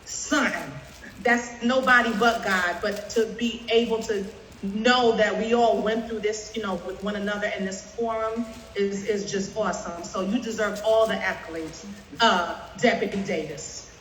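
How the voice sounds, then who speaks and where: A woman's voice: mid-range voice, fairly even intonation, a little slow, a bit bright, reverberant, in a large hall, slight background noise, low-quality recording. A woman giving an emphatic, preacherly tribute to a colleague on a group video call. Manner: emphatic and preacherly, with faith language.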